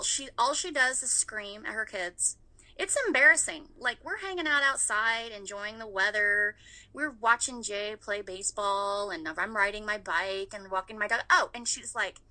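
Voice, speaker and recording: A woman's voice: mid-range voice, normal speed, bright, forceful tone, rough recording. A woman in her thirties in casual chat, telling a story with animation and swearing freely.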